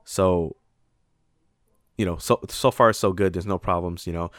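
Deep-voiced guy telling a story. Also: fairly even intonation, unhurried, fairly bright tone, dry recording, clean studio sound. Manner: rambling, heavy on fillers and swearing, acts out voices. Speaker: retail worker telling a story. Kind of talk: casual profane storytelling.

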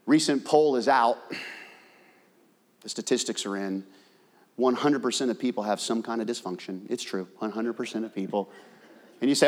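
Animated preacher in a reverberant hall. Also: male voice, medium pitch, moderate pace. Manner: animated preaching, swinging from hushed to shouting. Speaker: pastor. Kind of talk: sermon. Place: church sanctuary. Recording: long reverb of a large hall.

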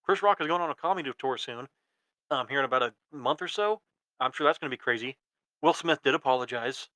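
A young man in his twenties talks through the news as a podcast host, rambling and restarting his sentences often. His voice is bright and forceful, recorded dry and close with no room sound. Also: medium pitch, quick pace, no room sound, rough recording. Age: 20s. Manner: rambling, many restarts and ums. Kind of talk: casual commentary.

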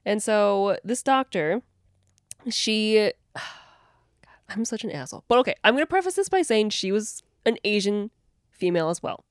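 Telling stories animatedly on the podcast she co-hosts, a woman swears freely in casual chat. She speaks at medium pitch and a moderate pace, with no room sound and studio-quality audio.

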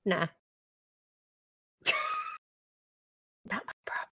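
Brief: unhurried woman, dry and wry, casual swearing, on a call. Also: pushed and bright. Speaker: guest, joking co-host. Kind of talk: casual chat. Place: home, on a voice call.

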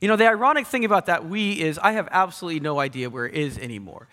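Bright-voiced man preaching in a hall. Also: fairly high pitch, lively intonation, fast talker. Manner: storytelling, playful and self-mocking. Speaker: pastor. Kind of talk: sermon. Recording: long hall reverb.

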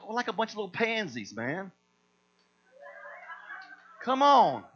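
A high-pitched man with a bright, forceful voice preaches with energy, slipping into slang and acting out scripture scenes. The sound is dull and lo-fi, with a steady mains hum underneath. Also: a little slow, pauses often. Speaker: pastor. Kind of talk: sermon.

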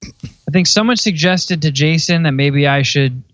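A man's voice: fairly high pitch, unhurried, fairly bright tone, no room sound, muffled recording. A man, a radio personality guesting on the show, telling crude jokes and stories in casual chat with frequent laughter.

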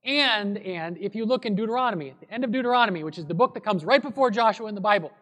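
A man preaching a sermon as a pastor, telling a story in a relaxed, conversational way. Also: sits high, fast. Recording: long hall reverb.

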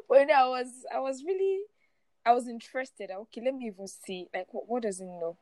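A woman's voice: high-pitched, expressive, normal speed, a little mellow, dry recording. A woman in her forties sharing her personal testimony as a guest, often laughing through it and repeating words as she goes. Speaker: guest speaker.

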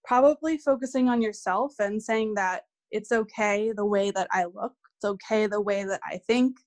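Casual young woman, mid-pitched podcast guest. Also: normal speed. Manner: casual, many "like" fillers, agreeable. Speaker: guest, neuroscience PhD candidate. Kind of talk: casual conversation.

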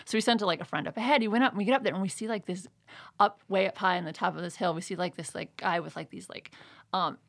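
A woman's voice: on the low side, fast, vocal fry, a bit bright, dry recording. A woman retelling a role-play adventure in casual chat, leaning hard on "like" and acting out the lines of the people in her story. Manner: chatty, filler-heavy with frequent "like", acts out quoted lines.

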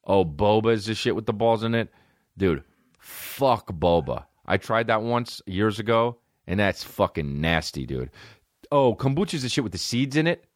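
A young man hosting a comedy podcast, telling a long story in a loose, rambling way that is thick with swearing. He jumps into the voices of the people he quotes and keeps talking over his own restarts. His voice sits on the low side, and the recording is close and dry with no room sound. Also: animated, moderate pace, no echo.

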